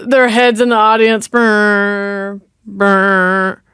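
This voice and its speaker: A woman's voice: medium pitch, monotone, drawn-out words, a bit bright, smooth, dry recording, clean studio sound. A woman, chatting casually and talking back at a movie as she reacts to it. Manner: chatty, exclaiming, talks back to the screen. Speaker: reaction video host.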